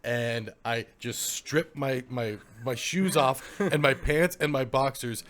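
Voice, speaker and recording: A man's voice: medium pitch, takes it slowly, fairly bright tone. A young man from the Pacific Northwest co-hosting a podcast, telling a story in a casual chat, laughing often and swearing freely. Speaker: podcast co-host.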